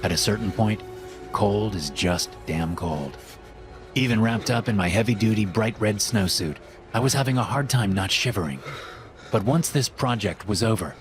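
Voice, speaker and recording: Brief: low-pitched male narrator, steady scripted horror storytelling, loud music bed. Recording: voice-over with loud music behind.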